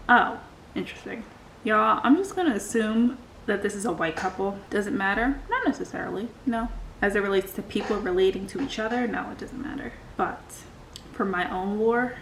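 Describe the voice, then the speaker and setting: A woman's voice: medium pitch, moderate pace, gravelly. A woman chatting casually while doing her makeup, full of playful, sassy asides. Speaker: beauty vlogger. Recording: roomy echo, faint background noise.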